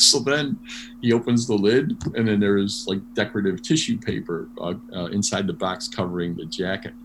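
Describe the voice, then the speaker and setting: A man telling a story in an interview, animated and full of restarts and fillers. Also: sits low, gravelly. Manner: animated, many restarts, laughs while telling. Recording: noisy background hum.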